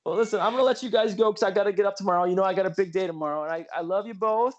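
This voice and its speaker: A man's voice: sits high, racing, dull audio. Earnest man telling a heartfelt story. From Western New York. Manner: earnest storytelling, apologetic, self-deprecating asides. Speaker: political candidate hosting a livestream. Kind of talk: casual livestream chat.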